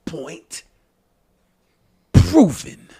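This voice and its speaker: Drawing out his words in a slightly rough voice on the high side, a man co-hosting a podcast goes on an exasperated rant. The chat is casual and animated, packed with swearing and frustrated questions.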